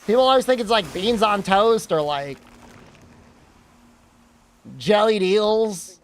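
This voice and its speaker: A man's voice: high voice, lively intonation, brisk, a bit bright. A young American man streaming and chatting casually, joking and reacting to questions from his chat.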